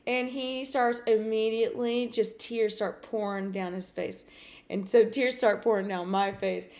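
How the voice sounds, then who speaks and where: A woman podcast host telling a personal story in a casual, animated way, with many fillers and acted-out dialogue. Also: fairly high pitch, a little slow.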